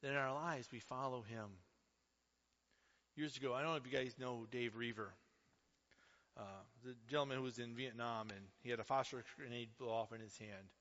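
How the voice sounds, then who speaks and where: A man preaching with a bright, forceful edge to his voice, moving from loud declarations down to hushed asides. He sounds dull and lo-fi, carried by a long reverb that trails off each phrase as if he is in a large hall. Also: medium pitch, steady tone, moderate pace. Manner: impassioned, swinging from loud to hushed. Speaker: pastor. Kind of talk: sermon.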